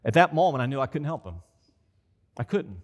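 A man's voice: mid-range voice, very animated, brisk, lo-fi sound. Man, pastor, sermon, conversational, repeats phrases, long hall reverb. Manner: conversational preaching, acting out quoted voices, repeating phrases for emphasis.

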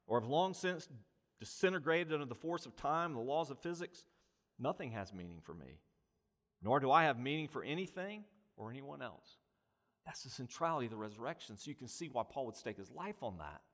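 A man preaching a sermon, pressing rhetorical questions and building emphasis through repetition. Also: a little high. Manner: animated preaching, voice rising and falling with emphasis. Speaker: pastor.

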